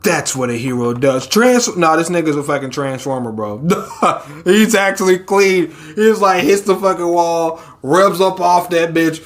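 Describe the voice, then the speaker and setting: A young man casually reading a manga chapter aloud and reacting, laughing often, swearing, and pitching his voice way up for the characters. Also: unhurried. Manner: animated, laughs often, swears, acts out characters in a high squeal.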